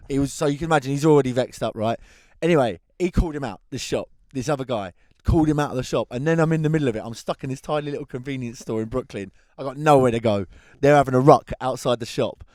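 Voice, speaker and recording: A man's voice: medium pitch, fast, few pauses, no room sound. English guy rambling through a funny story, dry close sound. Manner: animated storyteller, laughs through his tale. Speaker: podcast co-host. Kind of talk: casual chat, anecdote telling.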